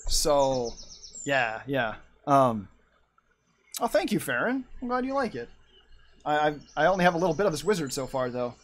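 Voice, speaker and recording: A man's voice: a little high, sing-song, moderate pace, pauses often. Chatty man streaming while he draws. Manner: chatty, rambling, reads out chat messages. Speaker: art streamer. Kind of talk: casual chat while drawing. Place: room at home.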